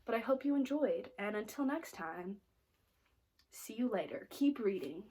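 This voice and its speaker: A woman's voice: on the high side, animated, measured pace, dark tone, breathy edge. An American woman chatting casually about her reading, filling her talk with "like" and teasing asides. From United States. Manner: chatty, lots of "like" fillers, playfully snarky. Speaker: book vlogger. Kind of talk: casual reading wrap-up chat.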